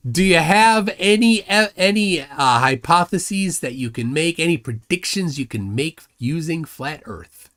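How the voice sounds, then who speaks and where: A man's voice: a little high, expressive, unhurried, hardly any pauses, a bit bright. A man hosting a live stream, arguing combatively and mocking his opponent while reading chat comments aloud. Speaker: livestream host.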